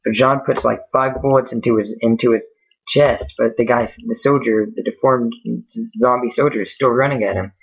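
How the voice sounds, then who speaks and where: A man tells a spooky war story off the cuff, rambling and restarting often. His voice is fairly flat and mid-pitched. The audio is tinny, like a phone line. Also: normal speed, husky. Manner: rambling, many fillers and restarts. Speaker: amateur storyteller. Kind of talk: casual improvised storytelling.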